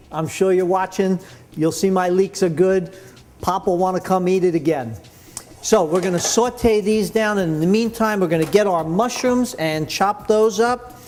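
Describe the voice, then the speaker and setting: A man's voice: high-pitched, a little mellow. A man hosting a cooking show, chatting enthusiastically as he explains each step. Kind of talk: cooking demonstration.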